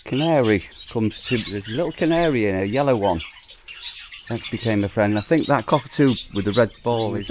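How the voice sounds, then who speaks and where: Over a noisy background, a man talks a little fast while touring a farm park outdoors for his vlog. He chats casually as he walks and coos fondly at the animals in a higher voice.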